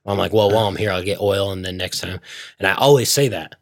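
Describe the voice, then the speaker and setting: A man telling a long story in casual chat, animated and profane, swearing often. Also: deep voice, quick pace, no room sound, clean studio sound.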